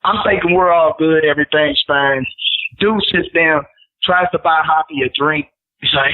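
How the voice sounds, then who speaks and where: A man and guest rapper telling stories in casual chat, animated and acting out quotes in raised voices. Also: fairly high pitch, normal speed. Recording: tinny phone line.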